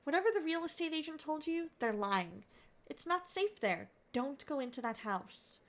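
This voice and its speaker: A woman's voice: high voice, animated, moderate pace, a little hiss or hum. A woman voicing a polite, anxious young man who speaks courteously and earnestly, reading game dialogue aloud. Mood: earnest, pleading.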